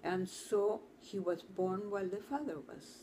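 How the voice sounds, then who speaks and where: Casting: woman therapist, slow and deliberate, mid-pitched, earnest storyteller. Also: dark tone, a little hiss or hum. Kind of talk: talk to camera.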